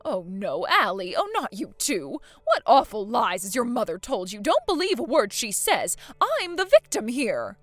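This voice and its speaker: A woman's voice: on the high side, wildly swooping pitch, normal speed, few pauses, no echo, soft background music. A woman voicing a scheming, pompous mother-in-law in a voiced story drama, haughty and accusing. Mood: pleading. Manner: haughty, accusing, self-pitying.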